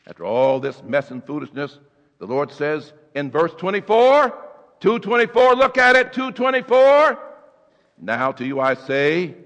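A male pastor preaching a sermon, swinging from hushed storytelling to shouted exhortation. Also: a little high, in a large hall, dull audio. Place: church sanctuary.

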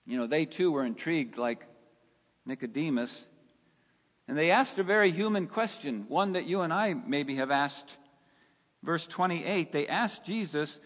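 A male pastor preaching a sermon, slow and emphatic, asking his listeners rhetorical questions. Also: a little high, lively intonation. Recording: long hall reverb.

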